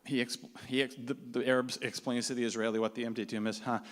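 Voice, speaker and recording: A man preaching a sermon by telling a story, animated and swinging from loud emphasis to hushed asides. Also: mid-range voice, quick pace. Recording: long hall reverb.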